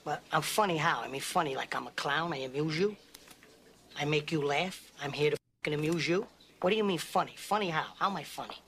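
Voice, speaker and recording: An actor playing a hot-tempered, menacing mobster in a film scene, interrogating and swearing. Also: male voice, a little high, a little fast, a bit bright, slight background noise. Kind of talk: film drama acting.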